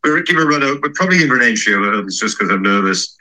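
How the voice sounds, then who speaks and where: A man, a racehorse trainer, chipping in on a podcast interview in a quick, chatty way. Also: medium pitch, lively intonation, sharp tone, rough recording.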